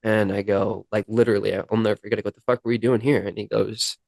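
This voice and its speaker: A man's voice: fairly low pitch, level tone, fast, vocal fry, a little mellow, dry recording. Earnest man telling a recovery story. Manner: earnest, emotional retelling with quoted dialogue. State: near tears at times. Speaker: podcast guest, musician. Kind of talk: storytelling in a sit-down interview.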